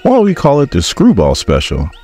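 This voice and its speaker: A man doing a gruff wisecracking fighter. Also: mid-range voice, huge pitch swings, brisk, darkish tone, soft background music, pitched above the performer's own voice. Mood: sarcastic. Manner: wisecracking, blunt.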